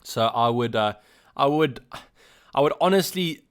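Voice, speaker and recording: A man with a South African accent hosting a casual live-stream Q&A, reading out chat messages and answering them in a loose, halting way. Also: medium pitch, expressive, clear, resonant tone.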